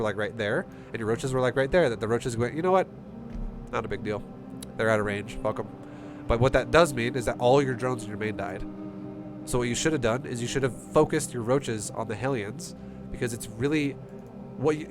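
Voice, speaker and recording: A man breaks down a game replay for a player he is coaching, talking fast and heated and swearing freely. His nose is running as he talks. Music plays clearly underneath him. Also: medium pitch. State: runny nose. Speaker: StarCraft coach reviewing a replay.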